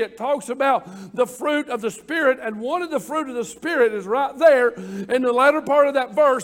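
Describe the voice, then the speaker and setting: Preacher guy, really high voice, folksy, gets loud and drawn out on the big words. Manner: folksy, stretches key words, builds to loud exclamations. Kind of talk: evening sermon.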